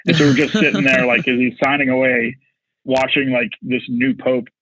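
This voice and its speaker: A marketing executive appearing as a podcast guest rambles through a casual anecdote, constantly saying "like" and "you know." His mid-range voice is sharp, level in tone, and at normal speed, while the dry recording has a dull lo-fi sound without echo.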